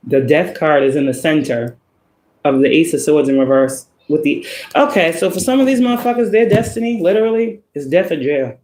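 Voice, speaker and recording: Brief: male tarot reader with a fairly high voice, blunt, swears a lot, laughs between points, echoey room. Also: moderate pace, a little mellow. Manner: profane, emphatic, laughs often. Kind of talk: casual spoken tarot reading.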